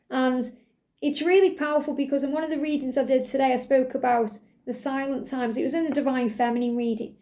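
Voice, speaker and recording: A woman giving a channeled tarot love reading, gentle and reassuring, repeating herself with many "you know" fillers. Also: sits high, gravelly. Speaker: tarot card reader.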